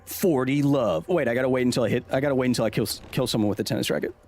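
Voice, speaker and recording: A man's voice: mid-range voice, rapid-fire, a little mellow. A man in his thirties streaming a game to chat, joking, chuckling often and drifting into science explanations, recorded on a desk mic in a home room. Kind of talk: casual gaming commentary.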